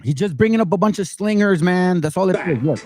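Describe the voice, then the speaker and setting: A man's voice: high-pitched, lively intonation, fast, a little mellow, faint music behind. Blunt, mocking man commentator. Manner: mocking, blunt, swears freely. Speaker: online commentator. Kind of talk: casual reaction commentary.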